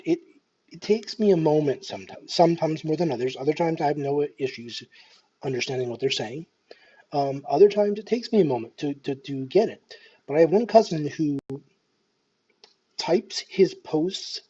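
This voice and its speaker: Canadian guy in his 30s w a faint scottish lilt, rambling nervous vlog, husky voice, kinda dull lo-fi sound. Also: fairly high pitch, warm tone. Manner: self-deprecating, hesitant, full of restarts and ums. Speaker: vlogger. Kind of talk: casual nervous vlog monologue. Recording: dull lo-fi home recording.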